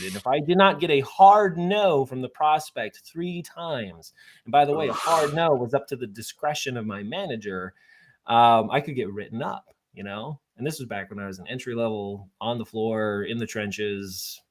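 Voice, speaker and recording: A man from southern Minnesota, a podcast guest telling stories in a chatty, animated way with lots of fillers. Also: mid-range voice, normal speed. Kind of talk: casual storytelling.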